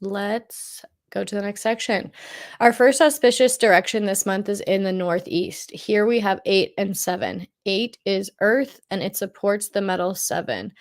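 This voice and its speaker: A woman's voice: medium pitch, creaky. Chatty woman presenting a feng shui forecast. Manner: chatty, thinks aloud, repeats phrases while searching for words. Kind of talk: presenting a monthly forecast over slides.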